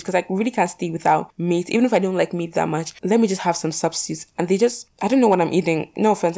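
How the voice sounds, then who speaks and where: A young woman talks casually to her camera, working through poll questions in a rambling, filler-heavy way with the odd swear word. Her voice sits a little low, with a mellow, darker tone and plenty of gravelly fry. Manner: chatty, rambling, lots of "like" and "you know", swears casually. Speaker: vlogger.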